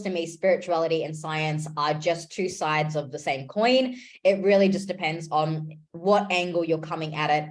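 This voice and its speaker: A woman in her thirties giving a casual, chatty life update to camera, enthusiastic and often restarting her sentences. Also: sits low. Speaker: vlogger and interviewer.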